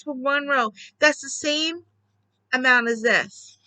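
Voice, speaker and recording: A woman chatting casually at home about her newest craft supplies, gushing excitedly and rambling with restarts. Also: high voice, slow, clear, resonant tone, dry recording, low-quality recording. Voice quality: bubbly, chatty. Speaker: craft vlogger. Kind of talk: casual chat.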